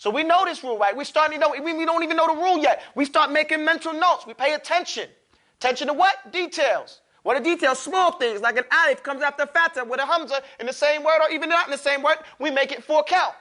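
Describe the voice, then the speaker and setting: Casting note: man, classroom tajweed teacher, high and bright, casual joking drill-master. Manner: drills students, models recitation slowly, casual and joking. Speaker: Quran recitation teacher.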